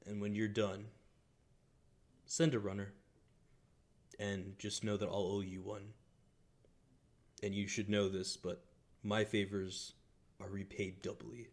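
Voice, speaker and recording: A man as a game master doing a proud, vengeful male crime boss in a tabletop game. He speaks in a deep, level voice, calm and measured, with threat simmering underneath. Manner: calm and measured, flaring into booming rage.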